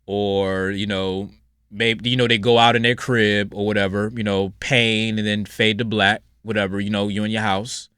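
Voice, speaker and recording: A man hosting a solo podcast in a casual, blunt and rambling way, moving between loud outbursts and low mutters. His voice has a forceful, bright tone. The recording is close and dry, with no room echo. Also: level tone, normal speed, clean tone. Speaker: podcast host.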